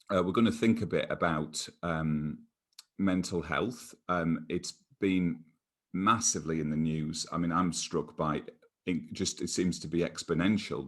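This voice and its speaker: A man with a very low voice hosts an online church interview. He talks haltingly, with many ums and restarts. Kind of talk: interview hosting.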